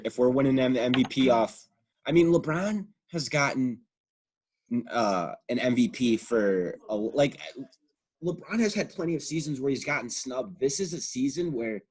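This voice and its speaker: A young man co-hosting a casual sports podcast, excitable and profane, rambling as he talks. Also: medium pitch, slightly rough. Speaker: podcast co-host.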